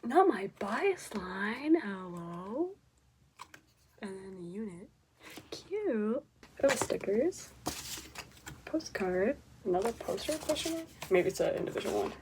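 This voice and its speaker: A young woman casually chatting through an unboxing, excitable and chatty, gasping and swearing at cute finds. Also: mid-range voice, slow, long pauses. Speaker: vlogger unboxing K-pop merchandise. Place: bedroom with posters. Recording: home recording with audible background noise.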